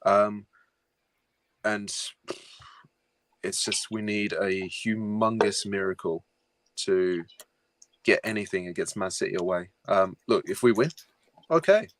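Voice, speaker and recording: Low, dry male voice, hesitant fan guest. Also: takes it slowly, long pauses, no echo, rough recording. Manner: hesitant, full of ums, wry laughs. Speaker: panel guest. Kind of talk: casual fan reaction.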